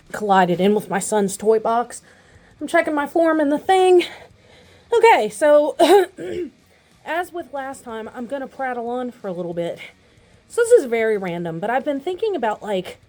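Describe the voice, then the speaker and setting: A young woman casually vlogs about her fitness test, chatty, rambling and self-deprecating, while coughing and out of breath. Her voice is on the high side with a darkish tone.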